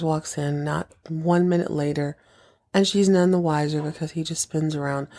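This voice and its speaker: A woman recaps a TV episode in loose, sarcastic chat and slips into quick acted quotes. Her voice sits a little low and sounds mellow and dark. She is a bit under the weather. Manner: sarcastic, chatty, acts out quotes. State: sick, taking cough medicine. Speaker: podcast host recapping a TV episode.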